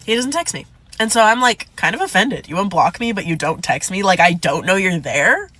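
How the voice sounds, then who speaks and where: A woman's voice: mid-range voice, expressive, fairly quick, a bit bright, no room sound. A woman telling a casual storytime to her viewers, dramatic and full of swearing. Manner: dramatic, profane, addresses viewers as "divas".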